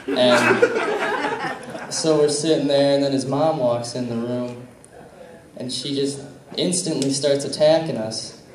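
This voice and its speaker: A man's voice: medium pitch, lively intonation, measured pace. A young man from the American Midwest performing a stand-up set in a comedy club, telling crude stories and acting out dialogue. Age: young adult. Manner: casual, crude storytelling with acted-out dialogue. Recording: echoey room, mic heard from a distance.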